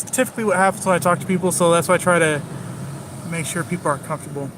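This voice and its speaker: Man, raised pitch, rambling live-stream driving vlogger, joking with chat, traffic noise clearly audible. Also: fairly even intonation, fast talker. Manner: rambling, jokey, talks to chat viewers nonstop. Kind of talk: casual live-stream chatter. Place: in a car driving through city streets.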